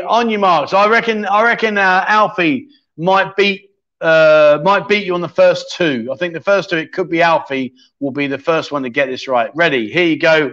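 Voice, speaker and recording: A man's voice: a little high, a bit bright. A man hosting a casual livestream chat show, joking around and thinking aloud as he reads out viewer comments. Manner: chatty, jokey, thinks aloud while scrolling comments. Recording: slightly dull lo-fi sound.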